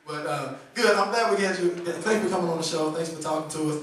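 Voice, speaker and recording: A man hosting a late-night talk show with an excitable, hype-man delivery. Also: a little high, quick pace, heavy background noise. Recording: echoey studio from far off with a loud crowd.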